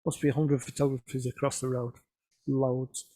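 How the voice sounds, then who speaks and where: A man's voice: medium pitch, level tone, moderate pace, dark tone, dry recording. A man telling chatty, self-mocking photography stories to a club over a video call. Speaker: photographer giving a club talk. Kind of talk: casual anecdotal presentation.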